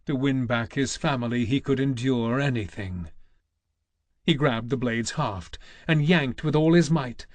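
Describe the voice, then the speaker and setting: A man narrating an audiobook in a measured, dramatic reading style. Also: mid-range voice, no room sound. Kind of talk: scripted narration.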